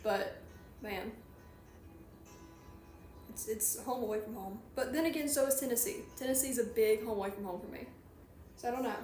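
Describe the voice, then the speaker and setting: A young streamer from who talks in a high, chatty voice and rambles on while she reads her chat. Her voice has the room's echo in it, with faint music behind. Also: moderate pace, pauses often, mellow. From Georgia, USA. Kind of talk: casual chat while crocheting on a livestream.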